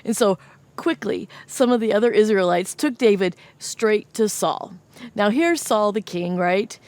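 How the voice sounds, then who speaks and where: Young woman, kids' Bible teacher, gravelly voice, dry close recording. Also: medium pitch, unhurried, dry recording. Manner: animated storytelling, asks children questions. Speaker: children's ministry teacher. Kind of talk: Bible story lesson for children.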